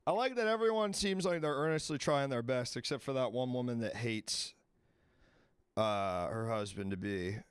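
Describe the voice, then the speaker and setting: Male stream host, casual and rambling, smooth voice in a dry room. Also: mid-range voice, normal speed, no room sound. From Washington, D.C. area. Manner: loose, rambling, swears freely. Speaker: livestream advice show host. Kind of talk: casual live-stream chat.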